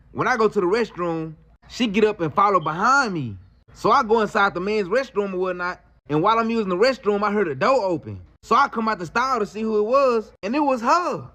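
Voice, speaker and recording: A man telling a story in casual slang, animated and acting out the people in it. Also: high-pitched. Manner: animated, slangy, acts out quotes.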